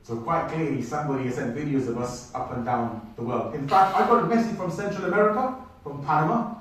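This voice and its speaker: A man telling a travel story to an audience in an animated way, speaking to them directly. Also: fairly high pitch, fast. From United Kingdom. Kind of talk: storytelling talk. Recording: echoey hall, mic at a distance.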